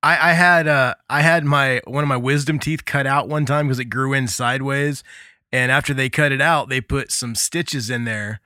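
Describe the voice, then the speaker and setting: A man's voice: mid-range voice, fairly even intonation, moderate pace, bright, forceful tone, clean tone, dry recording, clean studio sound. A man hosting a casual podcast chat, telling stories in a laid-back way and laughing often. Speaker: podcast host.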